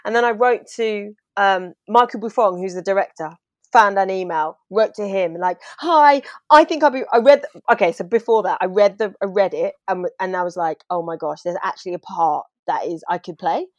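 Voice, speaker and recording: Animated woman actor telling stories, dry sound. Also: mid-range voice, moderate pace, dry recording. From half Trinidadian. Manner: animated storytelling, acts out her own past lines. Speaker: actor guest. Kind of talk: casual interview chat.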